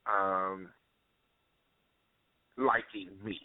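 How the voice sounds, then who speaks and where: Excitable man on a tinny phone line. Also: sits low, drawn-out words, no echo. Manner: excitable, laughs easily, colloquial. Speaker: guest, cooking show contestant. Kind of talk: casual phone interview.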